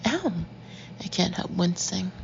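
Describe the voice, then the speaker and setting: Slow, gravelly-voiced woman narrating intimately. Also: on the low side, fairly even intonation, highs cut off, a little hiss or hum. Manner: intimate, often breathy and hushed. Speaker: audiobook narrator. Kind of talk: first-person audiobook narration.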